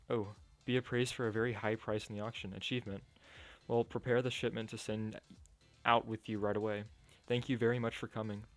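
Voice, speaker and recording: Brief: smug male auctioneer in a game, read by a man, brisk and low. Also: natural voice.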